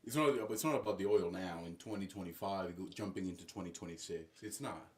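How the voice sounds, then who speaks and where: A man's voice: deep voice, fairly quick. A man ranting casually on a livestream as political commentator, profane and rambling, constantly saying guys and bro.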